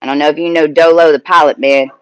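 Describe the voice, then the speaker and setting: A man's voice: on the high side, steady tone, fast talker, smooth, lo-fi sound. A man teaching spiritual ideas in an emphatic monologue, often repeating and restarting phrases.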